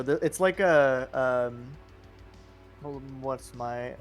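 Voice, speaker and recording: A man's voice: medium pitch, takes it slowly, soft background music. A young man running a tabletop game as game master, narrating loosely and joking.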